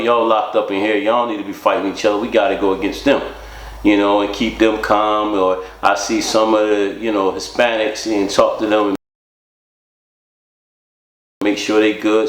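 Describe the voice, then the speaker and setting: In an echoey room, a man with a medium-pitched voice casually tells the story of his own life. He rambles, fills gaps with "you know" and "man," and acts out both sides of quoted conversations.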